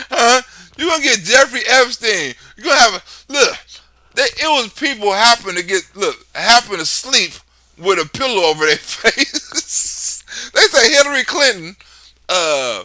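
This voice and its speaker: Animated high-voiced man ranting. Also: measured pace, no room sound. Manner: profane, animated, laughs often. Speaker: livestream host. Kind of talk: casual political rant.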